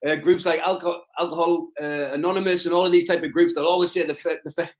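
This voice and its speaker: A man speaking hesitantly and haltingly in a played political clip. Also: a little high, fairly even intonation.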